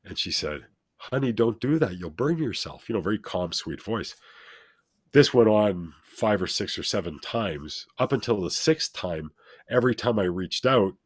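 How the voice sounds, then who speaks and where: A man's voice: deep voice, lively intonation, moderate pace, no echo. A man talking as a show guest, telling a personal story in an earnest, motivational way and repeating phrases for emphasis.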